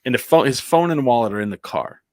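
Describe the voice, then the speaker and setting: A man's voice: medium pitch, lively intonation, quick pace, darkish tone, no echo. A man from Albuquerque telling a casual anecdote on a comedy podcast, rambling with plenty of "like" and restarts. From Albuquerque, New Mexico.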